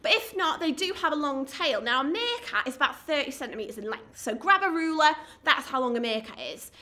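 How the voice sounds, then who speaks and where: A woman's voice: high voice, lively intonation, brisk, bright, forceful tone. A woman, working as a zoo educator and giving an upbeat, encouraging lesson to children at home.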